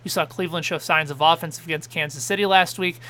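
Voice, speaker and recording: A man hosting a live fantasy football talk show, excitable and quick in back-and-forth, reading out viewer questions. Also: a little high.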